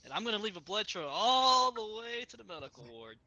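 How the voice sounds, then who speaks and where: Bright-voiced man playing a tabletop game. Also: high voice, big pitch swings, fairly quick, no room sound, lo-fi sound. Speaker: player. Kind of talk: casual tabletop game play.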